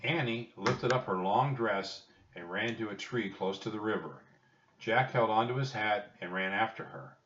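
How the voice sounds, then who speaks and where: Deep-voiced man reading a storybook. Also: moderate pace, a bit bright, a little hiss or hum. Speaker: narrator. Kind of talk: children's storybook reading aloud. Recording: echoey, distant, dull lo-fi.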